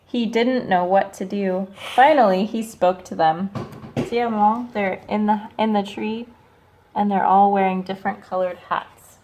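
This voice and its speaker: A woman teacher reading a picture book aloud to children, slow and expressive, stopping to ask them questions. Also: medium pitch, slight background noise.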